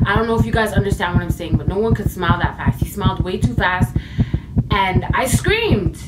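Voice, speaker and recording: A woman's voice: medium pitch, normal speed, a little hiss or hum. A woman telling her own ghost story as a casual storytime vlog, emotional and dramatic, with sighs and exclamations. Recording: voice a bit distant from the mic.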